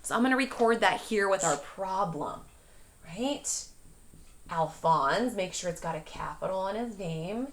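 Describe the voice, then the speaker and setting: Expressive teacher reading aloud. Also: female voice, medium pitch, unhurried, a little hiss or hum. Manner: questioning, expressive. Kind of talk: reading a storybook to a class.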